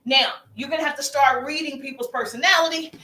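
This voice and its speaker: A woman giving a live-streamed sales training, energetic and emphatic, speaking straight to her audience. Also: high-pitched, brisk, reverberant, recorded from a distance. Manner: energetic, emphatic and preachy, addresses the audience directly.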